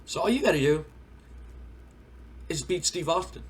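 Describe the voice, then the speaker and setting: Man voicing a firm, businesslike young executive, fairly high voice, announcing a match. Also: lively intonation, normal speed, slightly rough. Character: impression of a young male wrestling executive, stern.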